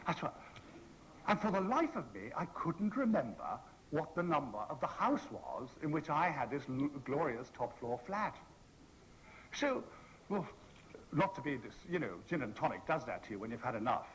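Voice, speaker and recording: A man on a convention panel spinning a comic story for the audience, his fairly high voice swooping up and down with theatrical relish. There is a faint hiss under him. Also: sing-song, moderate pace, fairly bright tone, low-quality recording. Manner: theatrical, droll raconteur. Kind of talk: anecdotal storytelling to a live audience.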